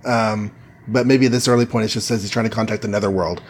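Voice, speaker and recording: A man's voice: on the low side, fairly even intonation, fast, a little hiss or hum. A man co-hosting a podcast, retelling a comic-book story in a jokey, chatty way with lots of fillers. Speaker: podcast co-host. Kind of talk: casual comic-book recap.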